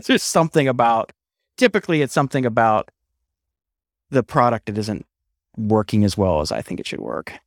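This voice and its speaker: A man's voice: medium pitch, very animated, normal speed, long pauses, dry recording, clean studio sound. A man co-hosting a podcast, telling stories in casual chat with emphatic bursts and frequent restarts. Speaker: podcast co-host.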